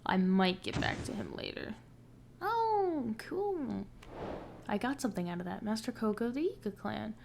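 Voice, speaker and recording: A woman gaming streamer giving excitable let's play commentary with playful trash talk. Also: on the high side, moderate pace, creaky, background noise.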